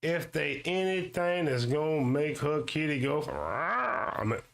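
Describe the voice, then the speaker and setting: A man hosting his own show, ranting and swearing in slang, repeating himself and mocking others in high-pitched voices. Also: very animated, slow pace, vocal fry. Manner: loud swearing rant with slang and repetition. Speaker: YouTube show host. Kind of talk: ranting commentary monologue.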